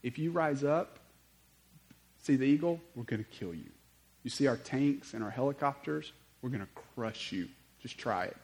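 A man's voice: expressive, normal speed, darkish tone, lightly acted, poor audio. A man playing menacing Roman soldiers. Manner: low, threatening. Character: menacing Roman occupiers threatening a crowd.

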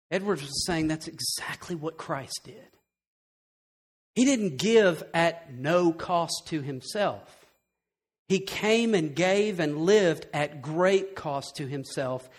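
Animated preacher with a high voice. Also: male voice. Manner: animated, emphatic, rhetorical questions. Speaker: pastor. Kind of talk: sermon.

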